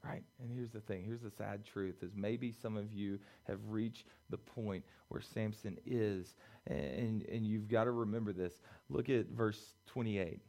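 A young man preaching a youth sermon, swinging between loud pleading and quiet, low talk. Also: steady tone, a little slow. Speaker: youth pastor.

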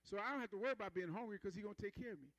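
A man's voice: sits high, racing, fairly bright tone, dry recording, highs cut off. A man preaching a sermon in a conversational style, calling for responses from the congregation and building rhythmic emphasis.

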